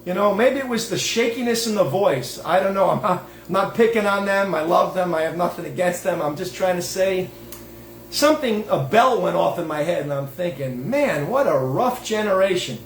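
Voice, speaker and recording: A man's voice: high voice, animated, normal speed, reverberant, a little hiss or hum. A man hosting his own show, giving a digressive religious monologue in a folksy, self-interrupting way. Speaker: host.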